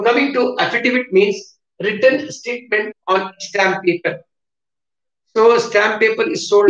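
Fields: Sex: man. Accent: South Indian English. Pitch: high. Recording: roomy, distant, dull. Role: teacher spelling words. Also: fairly bright tone. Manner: spells words letter by letter, repeats himself. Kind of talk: classroom vocabulary lesson. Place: classroom with a board.

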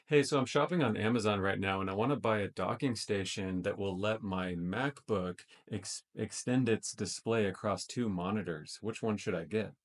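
A man's voice: on the low side, moderate pace, few pauses. A man casually testing a voice assistant in a tech demo video, speaking loosely with frequent ums. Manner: casual, tentative, many fillers.

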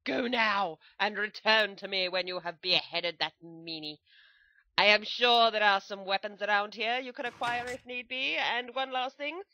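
A woman's voice: medium pitch, normal speed, bright, forceful tone, no echo, dull audio, natural voice. Woman reading as a pompous fantasy king. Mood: mock-solemn. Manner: mock-solemn reading of quest text. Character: grandiose male fantasy king giving a quest.

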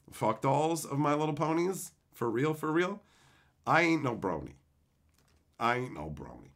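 A man live-streaming as he opens card packs and reads viewer messages aloud, in profane, excitable, rambling banter. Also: a little high.

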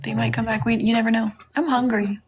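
A woman's voice: a little high, little pitch movement, background noise. A woman livestreaming, bluntly urging her chat to drop gifts. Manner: rapid, profane urging of chat. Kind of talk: livestream gift-battle hype.

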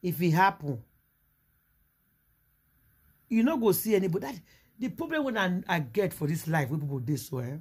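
A speaker with a Nigerian Pidgin accent chatting casually to viewers, chatty and lively with sighing asides. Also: medium pitch, normal speed, long pauses, husky. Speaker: commentator.

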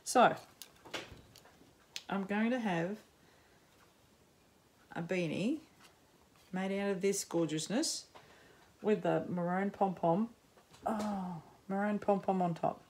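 A middle-aged Australian woman chatting casually as a knitting podcaster at home, rambling and self-mocking, with frequent ums and quick laughs. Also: medium pitch, darkish tone, a little hiss or hum. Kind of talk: casual chat to camera. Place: home, in sunshine.

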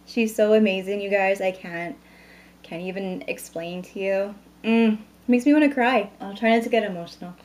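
A woman's voice: medium pitch, normal speed. Bubbly, chatty woman vlogger. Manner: bubbly and chatty, soft cooing to a baby. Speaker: beauty vlogger. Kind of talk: casual vlog chat.

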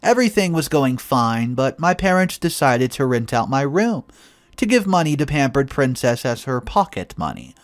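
Male narrator, animated delivery, dry close sound, faint music underneath. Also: medium pitch, normal speed, dry recording. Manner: lively, dramatic storytelling. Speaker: story narrator. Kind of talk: reading a first-person story aloud.

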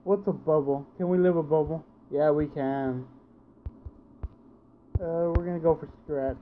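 A man's voice: fairly high pitch, fairly even intonation, unhurried, pauses often, muffled recording, a little hiss or hum. A man giving casual gameplay commentary, sleepy and yawning, groaning in frustration at misses and repeating himself. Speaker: let's play gamer. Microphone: home recording setup.

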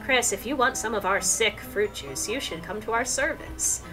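A woman voicing a gentle male pastor who speaks in a formal, imploring way. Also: medium pitch, animated, normal speed, over music, close to an everyday voice, low-quality recording. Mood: earnest. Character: gentle male small-town pastor, earnest and polite.

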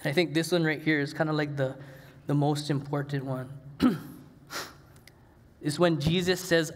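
Steady and unhurried, this middle-aged pastor's sermon wanders through stories and offhand remarks, broken up by frequent pauses. His voice runs fairly high for a man, and the church sanctuary lends it a long, trailing reverb.

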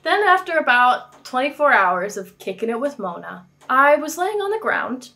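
A woman's voice: high voice, big pitch swings, moderate pace, sharp tone. A woman hosting a faith vlog from her apartment, chatting casually with jokey, playful asides. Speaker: faith video host.

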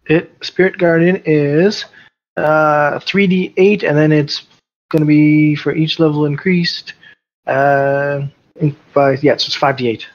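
A man playing a character in a tabletop game, talking hesitantly with many pauses and restarts. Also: on the high side, fairly even intonation. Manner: hesitant, lots of uh and restarts, chuckling. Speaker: player. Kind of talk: casual tabletop game chat. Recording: dull lo-fi voice chat audio.

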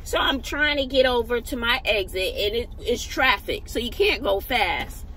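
A woman's voice: fairly high pitch, normal speed, slight background noise, rough recording. A woman, a teacher, casually telling a story to her camera while sitting in her car, acting out what people said. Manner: animated storyteller, acts out quotes. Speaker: vlogger, schoolteacher.

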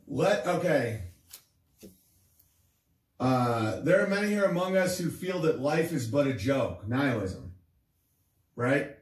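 A man's voice: medium pitch, big pitch swings, slow, long pauses, reverberant, far from the mic. A man hosting a comedy show, riffing in a sarcastic, crude, rambling way. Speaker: comedian host.

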